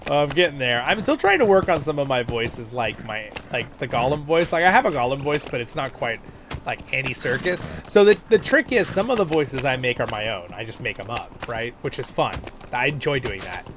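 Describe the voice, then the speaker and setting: A man's voice: mid-range voice, very animated, a little fast, background noise. A man hosting a casual game livestream, chatty and laughing, reading out chat messages, with a stuffed-up nose. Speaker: livestream host.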